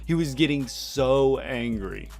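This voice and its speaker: A young man tells a wild story to his vlog viewers. He talks casually, in slang full of profanity, and keeps laughing between lines. His voice sits at an average pitch for a man. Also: animated, takes it slowly, darkish tone, soft background music. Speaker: vlogger.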